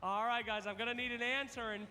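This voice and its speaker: A man's voice: very high voice, steady tone, quick pace, a crowd in the background. A man hosting a live trivia contest on stage, playful and teasing as he counts down answers. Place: large event hall. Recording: long arena reverb.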